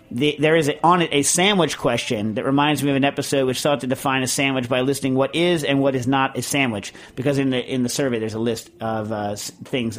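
A man from Connecticut hosting a podcast, reading listener questions in a rambling, excitable way. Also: mid-range voice. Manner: rambling, excitable, tells stories with put-on voices. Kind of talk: casual chat.

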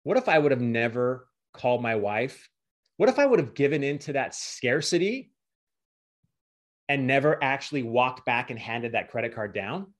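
A man's voice: medium pitch, big pitch swings, moderate pace. A middle-aged man giving an earnest, emotional motivational talk as a guest speaker.

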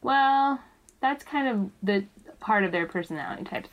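Woman co-host, mid-pitched, chatty and rambling, easygoing podcast talk. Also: lively intonation, moderate pace, muffled recording. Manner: chatty and rambling, with many fillers and laughs. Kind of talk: casual chat.

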